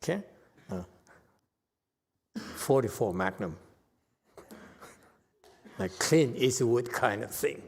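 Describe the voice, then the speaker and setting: A man with a Chinese accent giving a Buddhist Dharma talk, explaining ideas slowly and often checking with his listeners. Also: medium pitch, animated, gravelly, breathy edge, in a large hall. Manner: slow, conversational teaching with frequent "okay?" checks. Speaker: Buddhist meditation teacher. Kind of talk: Dharma talk with audience questions.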